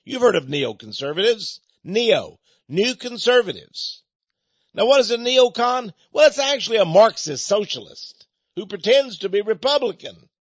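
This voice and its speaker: A man with a somewhat high, husky voice hosts a ministry broadcast in a preachy monologue. He rambles, hammers on phrases and restarts mid-sentence. The recording is dry and a little dull and lo-fi. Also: sing-song, moderate pace, no room sound.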